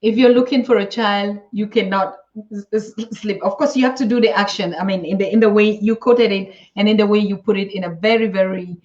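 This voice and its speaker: Halting woman interviewer, dull echoey sound. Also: mid-range voice, fairly even intonation, darkish tone. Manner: halting, searching for words. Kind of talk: conversational interview.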